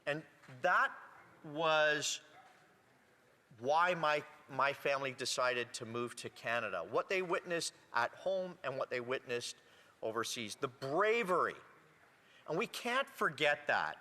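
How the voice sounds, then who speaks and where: A man, a member of parliament, giving a speech in a legislative chamber, halting and repeating words as he searches for them. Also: medium pitch, lively intonation, bright, forceful tone. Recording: long reverb of a large chamber.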